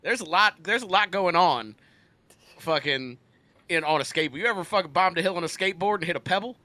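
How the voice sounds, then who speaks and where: A man's voice: high-pitched, expressive, fast, bright, forceful tone, dry recording. A man co-hosting a podcast, riffing with profanity and laughter in casual chat. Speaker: podcast co-host.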